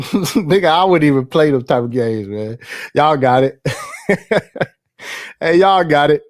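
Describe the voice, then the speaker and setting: A man's voice: on the high side, lively intonation, measured pace, long pauses. A middle-aged man hosting a livestream, reading chat and telling stories in a loose, profane way, laughing often and repeating himself.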